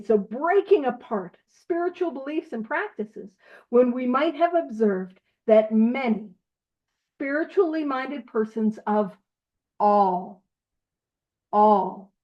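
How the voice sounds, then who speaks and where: A woman leading a recovery Big Book study, reading passages and explaining them in a playful, animated way with self-deprecating asides. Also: sits high. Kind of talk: informal recovery-group teaching. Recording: slightly muffled audio.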